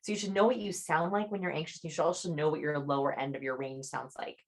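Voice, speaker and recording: A young adult woman, a chatty author speaking as a podcast guest over a video call, animated and peppering her talk with "like". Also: fast. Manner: animated, demonstrates her voice high and low; chatty, fillers like "like". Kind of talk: podcast interview.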